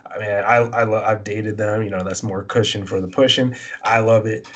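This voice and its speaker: A man's voice: fairly low pitch, level tone, moderate pace, muffled recording. A man casually telling a long personal story, acting out both sides of the dialogue in a rambling way.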